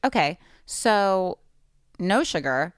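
Woman host with a lisp, sarcastic and playful, lower voice, close dry mic. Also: lively intonation, slow, smooth, no room sound. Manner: sarcastic, jokey, laughs a lot. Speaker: podcast host. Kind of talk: casual chat. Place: podcast studio. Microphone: studio mic.

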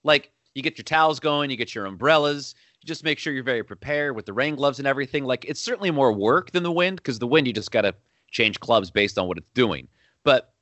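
A man's voice: medium pitch, sharp tone, no room sound. A man co-hosting a casual chat in an easygoing way, leaning on "like" and "man". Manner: easygoing, says "like" and "man" a lot. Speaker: podcast co-host.

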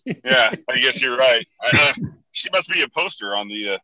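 A man's voice: medium pitch, animated, normal speed, bright, forceful tone, no echo, low-quality recording. A man co-hosting a sports talk show, trading wry jokes about himself with his guest. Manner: joking, self-deprecating. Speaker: radio show co-host. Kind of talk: casual chat.

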